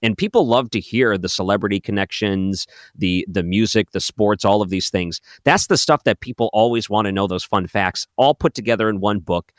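A man hosts a radio interview from a studio in a playful, upbeat way, gently ribbing his guest. His voice sits low, and the sound is dry and close, with no room around it. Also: normal speed, no room sound. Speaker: radio host.

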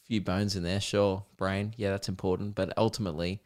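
A man's voice: sits low, flat delivery, fairly quick, a little mellow. A young Australian man hosting a comedy podcast, rambling casually, swearing freely and cracking himself up. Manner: swears freely, self-amused, breaks into laughter.

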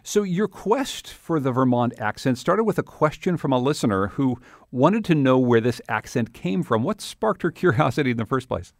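Measured male public radio host. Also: medium pitch, big pitch swings. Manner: measured, scripted introductions.

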